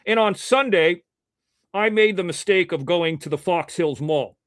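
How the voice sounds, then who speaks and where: A man's voice: sits high, measured pace, no echo, studio quality. A man hosting his own livestream news show, rambling and combative, calling out critics directly, his voice a little muffled by a face mask. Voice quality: slightly muffled from wearing a mask. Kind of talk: casual livestream commentary.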